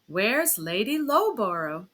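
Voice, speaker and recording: Brief: woman reader as a hearty, teasing gentleman husband, brash and bright-toned. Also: medium pitch, sing-song, slow, exaggerated voice. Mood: boisterous. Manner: loud, teasing, boastful.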